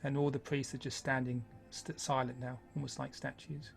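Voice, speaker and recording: A man narrating a tabletop game as game master, in a slow, hushed storytelling manner. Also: medium pitch, flat delivery, creaky, faint music behind.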